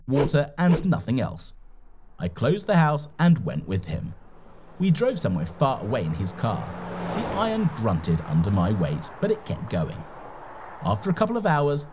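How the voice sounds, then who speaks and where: A man telling a first-person animated story in an expressive, dramatic scripted narration. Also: mid-range voice, slightly rough.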